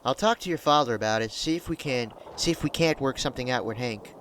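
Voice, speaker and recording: A man's voice: mid-range voice, fast, a bit bright, slight background noise, natural voice. A man voicing a worried middle-aged mother, speaking in a matter-of-fact, slightly stern way.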